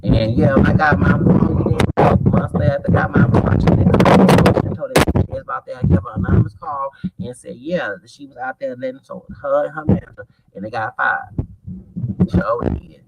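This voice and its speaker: A gravelly-voiced man in his forties rambles through a story with a lively, swooping, slightly high voice. He talks in animated, profane bursts and restarts. He is recorded from some distance, with loud background noise. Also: normal speed, highs cut off. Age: 40s. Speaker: vlogger.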